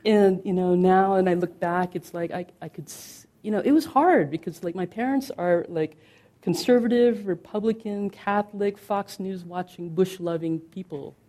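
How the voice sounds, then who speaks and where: This middle-aged meditation teacher from the United States offers a candid dharma talk in a conversational style, with lots of fillers. Her mid-range voice is warm, and she slows down on key words.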